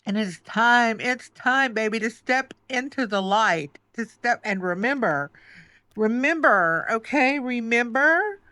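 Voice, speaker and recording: A woman's voice: on the high side, animated, takes it slowly, sharp tone, no echo. A woman reads tarot to her listener, her voice tearful and close to breaking. She comforts and urges by turns, repeating phrases and checking in with "okay?". The sound is dry and close, with no room around it. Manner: emotional, reassuring, repetitive, says "okay" and "baby". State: close to tears. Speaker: tarot reader. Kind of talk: spoken tarot reading.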